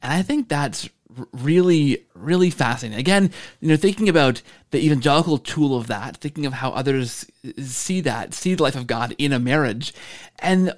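A man's voice: mid-range voice, lively intonation, moderate pace. A man hosting an interview podcast, affirming his guest and laughing along. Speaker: podcast host. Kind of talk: conversational interview.

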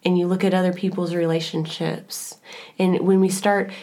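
A woman's voice: fairly low pitch, normal speed. Earnest woman co-hosting a faith podcast. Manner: earnest, animated, breaks into laughing voices for quotes. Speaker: podcast co-host. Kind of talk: casual faith podcast conversation.

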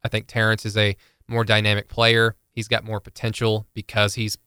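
A man's voice: fairly low pitch, completely flat delivery, normal speed, bright, forceful tone, smooth, no echo, studio quality. A man co-hosting a podcast in casual sports chat, rambling with many fillers and restarts. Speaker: podcast co-host.

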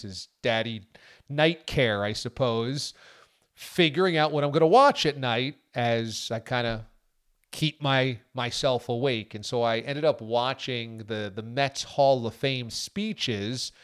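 A man's voice: medium pitch, fairly bright tone, clean tone. A man hosting a podcast, chatting enthusiastically and casually like a sports fan. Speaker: podcast host.

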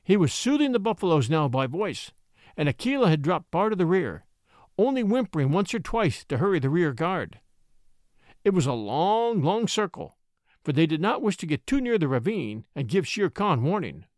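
A man reads a classic tale aloud with a higher voice and a wide, lively swing of pitch. His storytelling is expressive and dramatic. The recording is dry and close, with no room sound. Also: moderate pace, no echo. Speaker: narrator. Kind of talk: audiobook storytelling.

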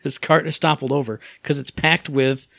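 A man's voice: medium pitch, steady tone, normal speed, vocal fry, a bit bright, dry recording, studio quality. A middle-aged man co-hosting a casual gaming podcast, rambling and self-amused, often restarting his sentences. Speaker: podcast co-host.

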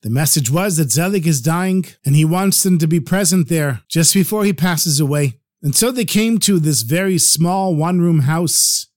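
A man telling a religious folk tale in a slow, dramatic storytelling manner. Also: fairly high pitch, expressive, darkish tone, dry recording, clean studio sound.

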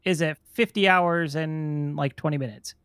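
A man's voice: a little high, normal speed, fairly bright tone, clear, resonant tone, dry recording, clean studio sound. A man co-hosting a gaming podcast, talking in a plain, matter-of-fact way. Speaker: podcast co-host. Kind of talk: casual podcast chat.

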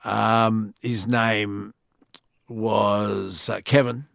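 Gravelly Australian radio host. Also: male voice, on the low side, flat delivery, extremely slow, fairly bright tone, no echo, studio quality. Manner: laid-back, chatty, laughs easily. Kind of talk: late-night talkback radio. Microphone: studio microphone.

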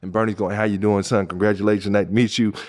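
Speaking at a quick pace, a podcast host tells a personal story in a monologue. He's a man in his thirties from Southern California, animated and emphatic, pitching up when excited and softening when moved.

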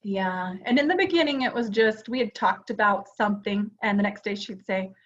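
A woman in her forties co-hosts a podcast in an easy, earnest chat, leaning on fillers as she talks. Her voice sits at an ordinary middle pitch. The recording sounds somewhat dull and lo-fi. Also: moderate pace. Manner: chatty and earnest, with frequent fillers. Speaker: podcast co-host. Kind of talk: casual chat.

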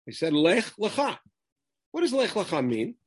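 A man's voice: sits high, big pitch swings, normal speed, slightly rough, no echo. A man teaching a Torah lesson, quoting Hebrew verses and translating them emphatically. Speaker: Bible teacher.

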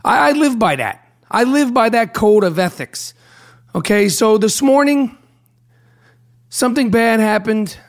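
A hoarse man hosting a podcast, talking in a brash, profane, rambling way full of fillers. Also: extremely high pitch, expressive, unhurried. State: hoarse from a throat problem. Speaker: podcast host. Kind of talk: casual podcast monologue with host-read ad.

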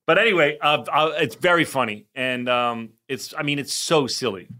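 A man's voice: mid-range voice, moderate pace, sharp tone. A man co-hosting a podcast, chatting casually with a caller, laughing often and restarting sentences. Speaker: podcast co-host. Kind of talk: casual chat.

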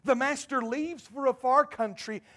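High-voiced emphatic male preacher. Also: unhurried, a bit bright. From United States. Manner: emphatic preaching, storytelling with asides. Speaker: pastor. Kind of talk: sermon.

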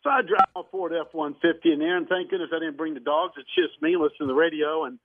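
A middle-aged man calling in to a radio show, telling a funny story in an animated, folksy way. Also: on the high side, fast talker, no room sound. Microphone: telephone. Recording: tinny phone line.

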